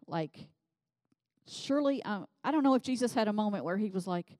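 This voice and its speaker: A woman preaching a sermon in a conversational way, reading scripture and becoming animated as she voices the people in it. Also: medium pitch, a little fast, no room sound. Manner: conversational, animated when voicing scripture figures.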